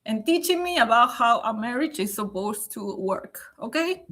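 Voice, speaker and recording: A woman on a casual live stream, answering comments, emotional and close to tears, speaking in a measured way and often asking "okay?". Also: fairly high pitch, expressive, a bit bright. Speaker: livestream host.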